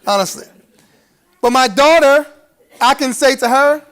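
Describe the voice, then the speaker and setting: A man's voice: extremely high pitch, measured pace, long pauses, a bit bright. A man giving a live keynote speech at a gala, preacherly and humorous, chuckling through his asides and rising to emphatic appeals to the audience. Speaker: keynote speaker.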